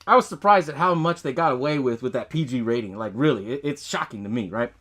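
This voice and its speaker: Talking fast in a slightly bright, medium-pitched voice, this male podcast host runs through a movie's story in a relaxed recap. He curses a lot, laughs frequently and performs lines from the film.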